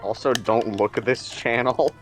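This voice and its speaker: A man co-hosting a charity game stream, cracking deadpan jokes over a voice call and giggling at them. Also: medium pitch, normal speed, music in the background. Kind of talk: casual group chat over a voice call.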